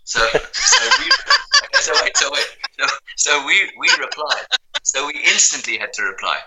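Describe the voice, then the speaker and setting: A man telling a story as a podcast guest, animated and amused. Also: on the high side, normal speed, vocal fry, crowd noise, poor audio. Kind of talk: storytelling anecdote.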